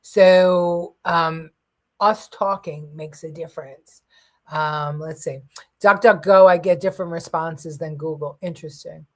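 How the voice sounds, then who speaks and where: Lowish-voiced woman host rambling on her live stream, lots of ums and restarts. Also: fairly even intonation, unhurried. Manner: hesitant, many fillers and restarts. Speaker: show host. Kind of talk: casual live-stream talk.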